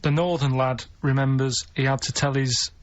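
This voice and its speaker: An English man presenting on comedy radio, reading out a quiz in a dry, deadpan way. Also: mid-range voice, normal speed. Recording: dull, slightly noisy archived radio clip.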